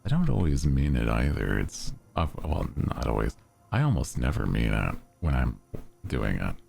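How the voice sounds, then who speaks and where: A man's voice: extremely low pitch, big pitch swings, moderate pace, vocal fry, darkish tone, faint music behind. A man chatting casually on a live stream as its host, with a melodic, lilting delivery that rises at the ends of sentences.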